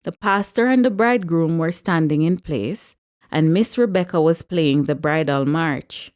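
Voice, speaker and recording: A woman, reading a story aloud in a measured, expressive way. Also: low-pitched. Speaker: audiobook narrator.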